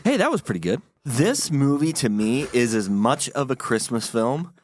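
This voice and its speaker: A man hosting a casual film-discussion podcast, talking in an animated, jokey, playful way. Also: mid-range voice, normal speed. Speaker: podcast host.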